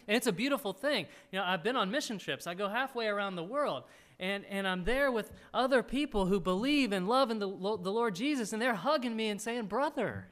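A male pastor preaching a sermon with a high, lively voice that swings up and down as he teaches. He reads scripture aloud and stops now and then to clear his throat. His delivery is expressive and earnest. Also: fairly quick.

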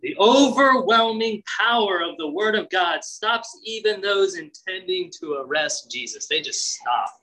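A man's voice: high-pitched, expressive, unhurried, hardly any pauses, bright, forceful tone, low-quality recording. A man preaching a sermon, reading scripture and acting out its voices with conversational asides. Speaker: pastor.

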